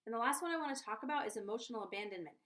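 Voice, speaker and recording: A woman's voice: a little high, lively intonation, racing, fairly bright tone. A woman giving parenting advice in a casual vlog, chatty and earnest, often checking in with the viewer. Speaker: conscious parenting coach.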